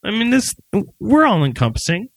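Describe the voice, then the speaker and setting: Man, podcast co-host, fairly high voice, dry close sound, casual rambling chat. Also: moderate pace, gravelly, no room sound, rough recording. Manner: relaxed, rambling, explaining segments.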